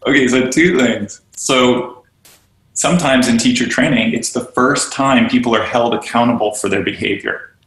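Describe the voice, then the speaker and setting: A yoga studio owner and teacher trainer, guesting on a podcast, speaks in a mid-range, slightly bright voice at normal speed. He talks earnestly and animatedly about teaching and belonging, often acting out the voices of people he quotes, in a roomy, echoing recording.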